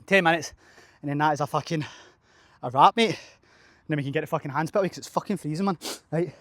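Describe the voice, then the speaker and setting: Young male coach, winded, casual and profane, quick high voice. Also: fairly bright tone, no room sound, studio quality. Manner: sweary, chatty, says man and mate a lot. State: out of breath after running. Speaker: fitness coach. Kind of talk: casual vlog chat. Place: outdoor running track, cold.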